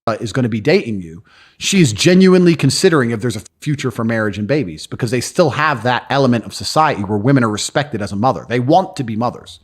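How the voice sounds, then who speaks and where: A man's voice: medium pitch, expressive, fast talker. A man who is a podcast guest, boastfully telling stories in a brash, crude way and acting out other people's lines. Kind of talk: boastful storytelling in casual chat. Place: lives in London.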